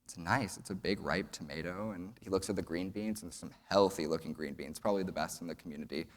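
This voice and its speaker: A young student speaker from Texas, with a low-pitched voice and a fast delivery, gives an earnest prepared speech at a summit and tells a folksy joke. He's in a large event hall, and the recording carries a long hall reverb.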